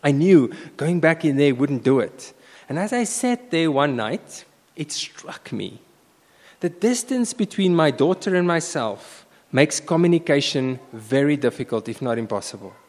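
Brief: animated male preacher, rather high voice that leaps about, long hall reverb. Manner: animated storytelling, swinging between loud bursts and hushed asides. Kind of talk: sermon with personal story.

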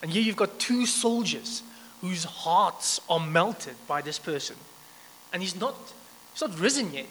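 Male preacher, slightly high voice, animated delivery, echoing hall. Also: unhurried. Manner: animated storytelling with many restarts. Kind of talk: sermon. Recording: long reverb, faint background noise.

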